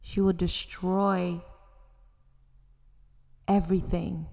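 Slow dramatic woman storyteller. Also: fairly low pitch, flat delivery, darkish tone. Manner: slow and dramatic, dropping to whispers. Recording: long hall reverb.

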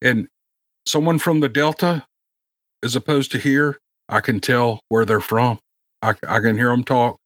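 A man with a Memphis Southern accent talks in a rambling, easygoing way as a podcast guest. His voice sits at a middle pitch. It is recorded dry on his own home microphone. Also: steady tone, a little slow, a bit bright, no room sound. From Memphis, Tennessee. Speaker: guest, audiobook narrator. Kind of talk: casual podcast chat.

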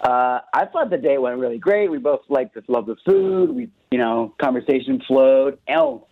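A man's voice: mid-range voice, huge pitch swings, normal speed, vocal fry, no echo. Rambling male caller on a dull phone line. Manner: rambling, lots of "like" fillers. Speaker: radio caller. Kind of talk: casual phone chat. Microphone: telephone.

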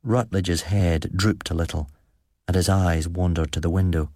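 A man narrating an audiobook in an even, measured storytelling manner. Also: sits low, dry recording, clean studio sound.

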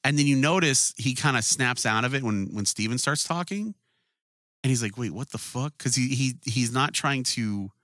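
A man's voice: medium pitch, normal speed, fairly bright tone, no room sound, studio quality. Profane, chatty man on a podcast. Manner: loose, profane, acts out scenes in mocking voices. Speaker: podcast co-host. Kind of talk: casual chat.

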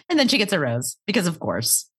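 A woman co-hosting a podcast in casual chat, animated and jokey, swearing freely. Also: lowish voice, normal speed, husky. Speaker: podcast co-host. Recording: video call.

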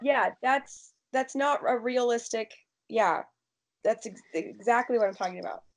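Woman host, casual recap chat, fairly high voice, quick and emphatic. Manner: quick, emphatic, rushes through opinions. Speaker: podcast host.

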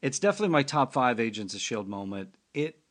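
A man's voice: mid-range voice, big pitch swings, fast talker. Male interview host, mid voice, enthusiastic fan energy. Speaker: podcast host. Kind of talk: casual interview chat.

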